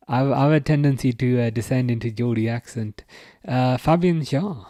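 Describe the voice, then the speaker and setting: A man's voice: mid-range voice, unhurried, dark tone, dry recording. Wry chuckling man, dry sound. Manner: wry, chuckling, reads out chat comments. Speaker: livestream host. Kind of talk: casual football watch-along chat.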